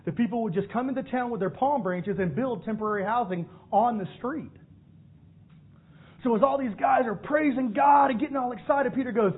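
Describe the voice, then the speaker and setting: A male pastor preaching a sermon, telling the story in an animated way and acting out the voices. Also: extremely high pitch, brisk, slightly rough. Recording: phone-like narrow band.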